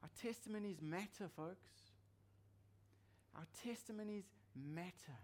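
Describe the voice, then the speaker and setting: A male pastor delivering a sermon in a fairly high voice. He presses his points with emphasis, repeating key phrases to drive them home. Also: unhurried, a little mellow.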